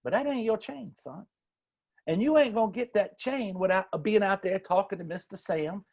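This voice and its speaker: A man voicing an older Texan car-dealership boss who drawls slowly and teases his young salesman. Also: sits high, creaky, a little mellow. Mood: stern. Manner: slow, drawling, teasing.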